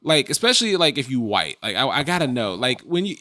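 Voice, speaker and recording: A man's voice: medium pitch, fast talker, no echo. A man co-hosting a podcast, chatting casually and telling stories in a loose, colloquial way. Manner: animated, storytelling, colloquial. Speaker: podcast co-host. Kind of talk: casual chat.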